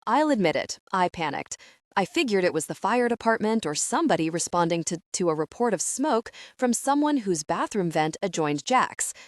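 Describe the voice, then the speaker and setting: A woman's voice: medium pitch, sing-song, moderate pace, dry recording, studio quality. A woman narrating an audiobook in first person, with a wry, sardonic storytelling manner.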